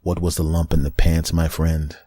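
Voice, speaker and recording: A man's voice: very deep voice, flat delivery, normal speed, dark tone, dry recording, faint music behind. A man hosting a comedy podcast, telling a self-mocking story animatedly with scat sound effects. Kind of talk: comic storytelling monologue.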